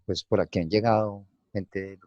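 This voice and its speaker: A man from Colombia with a Colombian accent, a native Spanish speaker and student who asks questions haltingly, searching for words. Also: fairly low pitch, fairly even intonation, dark tone, dry recording, muffled recording.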